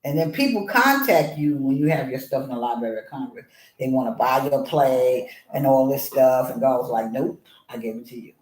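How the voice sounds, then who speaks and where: A woman author telling a personal story in an animated way, acting out the voices of the people in it. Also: a bass voice, moderate pace, echoey room, low-quality recording. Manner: expressive, acts out voices in her story. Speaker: author guest.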